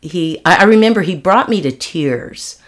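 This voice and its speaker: A woman's voice: fairly low pitch, expressive, moderate pace. A middle-aged woman being interviewed, recounting her working life in an earnest, reflective way with frequent restarts. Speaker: interview guest. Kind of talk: candid personal storytelling.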